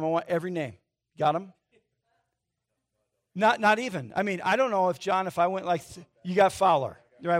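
Middle-aged male pastor, informal preaching with frequent "right?", voice a little higher than most men. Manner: conversational, asks "right?" and "okay?" often, swings from loud to hushed. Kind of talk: sermon.

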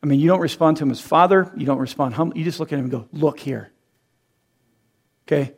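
A pastor in his thirties delivers an animated sermon in a fairly high voice. He acts out the people he quotes and laughs at his own jokes. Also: rapid-fire.

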